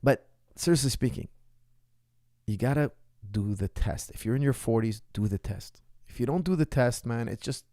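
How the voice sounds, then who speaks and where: A man's voice: mid-range voice, lively intonation, moderate pace, mellow, dry recording, clean studio sound. A man in his forties, a martial arts coach, answering viewer questions in an emphatic way and often checking in with "okay?". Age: 40s.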